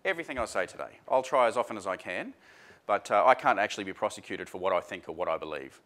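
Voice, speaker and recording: A man's voice: lowish voice, lively intonation, quick pace, fairly bright tone. A man presenting a workshop seminar to a live audience in a chatty, informal way, full of fillers and restarts. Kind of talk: casual workshop talk.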